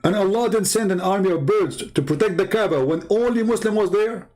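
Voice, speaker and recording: A man with a fairly high-pitched voice hosts a show in a heated, one-man monologue. His tone is mocking and sarcastic throughout. He presses his points with combative rhetorical questions. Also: fairly quick, darkish tone. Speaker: show host. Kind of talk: monologue commentary.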